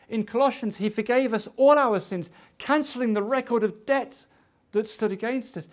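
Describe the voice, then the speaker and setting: A man preaching a sermon, asking rhetorical questions and building to emphatic peaks. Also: high voice.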